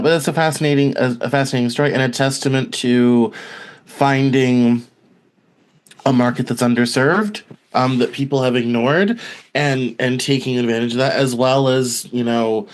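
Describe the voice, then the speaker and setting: A man hosts a podcast in a casual, easygoing manner. His replies ramble and restart as he works his way toward a point. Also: mid-range voice. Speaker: podcast host.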